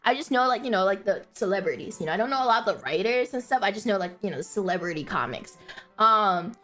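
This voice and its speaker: A woman live streamer telling stories in casual chat, often breaking into giggles and filling pauses with "like" and "um.". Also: medium pitch, animated, sharp tone, soft background music. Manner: giggly, bursts into laughter, many fillers.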